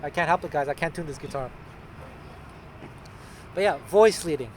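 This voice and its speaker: A man teaching a casual guitar lesson, chatty and joking, counting beats out loud. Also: a little high, moderate pace, low-quality recording. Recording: loud guitar playing under voice.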